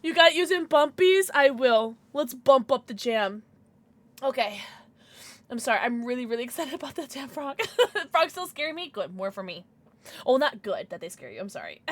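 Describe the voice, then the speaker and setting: A woman's voice: sits high, no echo. A young woman livestreaming, chatting casually with her viewers, giddy and emotional, often squealing and laughing.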